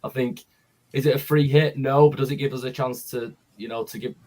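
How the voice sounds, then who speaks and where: A man's voice: medium pitch, steady tone, a little fast, darkish tone. A man calling in to a football phone-in, speaking earnestly with frequent restarts. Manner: earnest, talks in repeated restarts. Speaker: caller. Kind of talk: phone-in chat.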